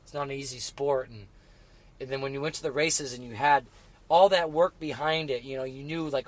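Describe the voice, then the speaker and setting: Middle-aged guy rambling through old racing stories, lots of restarts and you-knows, gets choked up, ordinary pitch. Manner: halting, many restarts and fillers, emotional when recalling. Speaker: guest. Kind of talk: casual interview chat.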